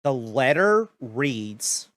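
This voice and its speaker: A man narrating as game master of a tabletop game, talking in an unhurried way full of fillers. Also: medium pitch, sing-song, fairly bright tone, no room sound.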